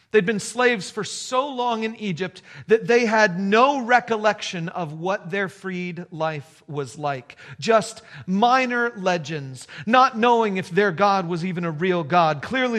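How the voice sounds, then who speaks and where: Man, pastor, sermon, high voice, storytelling, repetitive emphasis. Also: fairly bright tone.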